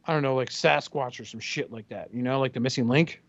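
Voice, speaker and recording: A man co-hosting a podcast in casual chat, swearing freely and telling animated stories. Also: medium pitch, a little fast, dry recording, muffled recording. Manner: profane, animated storyteller who acts out quotes. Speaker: podcast co-host.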